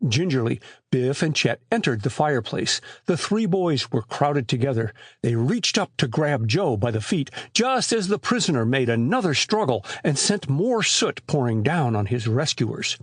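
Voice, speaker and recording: Husky male audiobook narrator. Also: medium pitch, sing-song, moderate pace, few pauses, no room sound, studio quality. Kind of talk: scripted narration.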